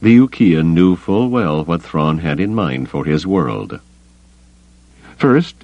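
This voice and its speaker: Deep-voiced male audiobook narrator. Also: darkish tone, no room sound, dull audio. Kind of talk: scripted narration.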